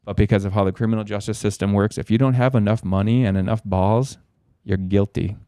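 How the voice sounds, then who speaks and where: A man's voice: lowish voice, steady tone, brisk, dark tone, no room sound, clean studio sound. Profane, rambling man telling his story. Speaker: podcast guest. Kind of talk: casual storytelling.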